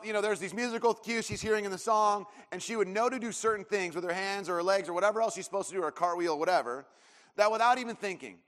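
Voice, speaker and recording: A man's voice: high voice, a bit bright. A man in his thirties preaching a sermon, telling a story in a rambling way with lots of fillers and restarts. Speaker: pastor. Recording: long hall reverb.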